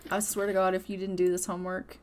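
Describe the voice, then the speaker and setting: A woman's voice: medium pitch, monotone, quick pace, a little hiss or hum. A woman hosting a casual let's-play, exasperated and scolding her game characters, and speaking their thoughts aloud for them. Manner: voices characters' thoughts in quotes. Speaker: gaming channel host.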